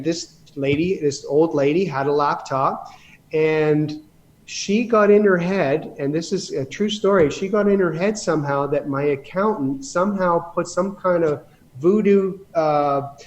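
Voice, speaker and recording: Guy from canada telling long business stories, kinda high voice, rambly, keeps restarting. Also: measured pace. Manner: rambling, many restarts, emphatic asides. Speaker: podcast guest, real estate investor. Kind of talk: casual storytelling in conversation.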